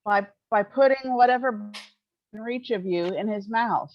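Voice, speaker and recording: A woman's voice: a little high, a little slow, dry recording, highs cut off. A woman on a video call describing her dog's training, wry and matter-of-fact. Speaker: service dog puppy raiser. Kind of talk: casual group chat.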